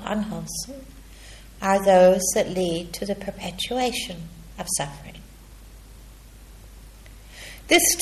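A woman meditation teacher giving a dharma talk in a measured, reflective way, pausing often and checking in with a questioning "hmm?". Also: medium pitch.

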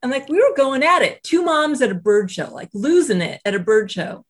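A middle-aged woman talks through a personal story as a guest author. Her voice sits fairly high and carries a breathy, airy edge, and she gets animated when she acts out quotes, with a self-deprecating humor. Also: moderate pace. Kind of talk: conversational storytelling.

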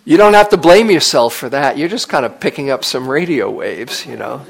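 A man giving a dharma talk as a meditation teacher at a retreat, gentle and unhurried, sometimes dropping to a soft whisper. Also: medium pitch, lively intonation, vocal fry, slightly rough, low-quality recording.

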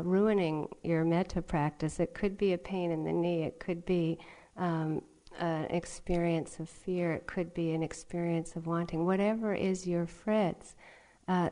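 A middle-aged woman teaching meditation in a dharma talk, her voice a touch low. She speaks gently, breaks into soft laughter and drifts into storytelling. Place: retreat meditation hall.

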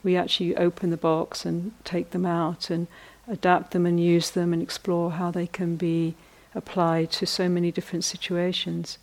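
Low-voiced woman giving a meditation talk. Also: monotone. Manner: conversational, laughs at her own jokes; reflective, with frequent restarts and pauses. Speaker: meditation teacher. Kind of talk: dharma talk at a retreat.

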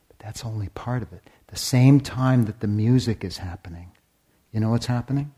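A man giving a dharma talk as a meditation teacher. He speaks deliberately, sometimes drops to a whisper, and asks the listeners many rhetorical questions. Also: lowish voice, dark tone, husky. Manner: deliberate, with long pauses, sometimes dropping to a whisper.

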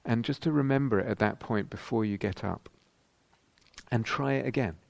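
A man with a British accent giving a dharma talk as a meditation teacher, gentle and reflective, pausing often and restarting phrases. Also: medium pitch, creaky, dry recording. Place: retreat meditation hall.

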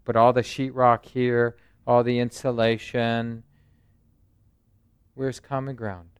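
A man who teaches meditation, giving a relaxed, conversational dharma talk and often checking in with "right?" and "you know". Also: medium pitch, slow pace, clear, resonant tone, dry recording. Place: meditation center.

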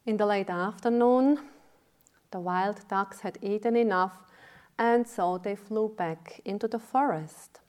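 Slow, deliberate woman meditation teacher. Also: mid-range voice, darkish tone. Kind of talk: dharma talk, storytelling.

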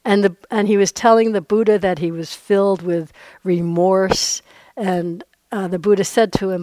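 A woman's voice: mid-range voice, steady tone, normal speed, mellow, no room sound. A woman meditation teacher giving a dharma talk on retreat, conversational and earnest, with frequent asides.

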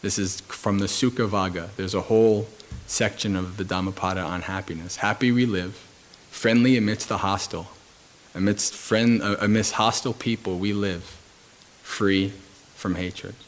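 A monk giving a Dhamma talk at a retreat, telling stories calmly with frequent fillers and restarts. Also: male voice, lowish voice, moderate pace.

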